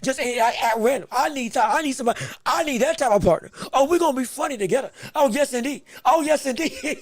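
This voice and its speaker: A man's voice: very high-pitched, slightly rough. A man hosting a podcast, giving emphatic live fight commentary with repeated phrases and joking banter with the chat. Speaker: podcast host.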